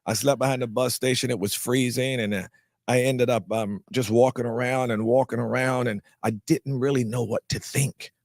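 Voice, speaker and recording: A North Carolina actor with a gravelly, mid-range voice recounts his life at a moderate pace as an interview guest. Animated, he impersonates the people he quotes and often restarts, repeating words, in clean studio sound with no echo.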